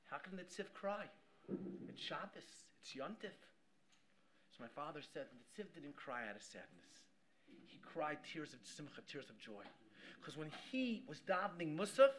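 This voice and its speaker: A man, a rabbi, giving a Torah class with animated storytelling, often repeating himself as he goes. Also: high-pitched. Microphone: live stream mic.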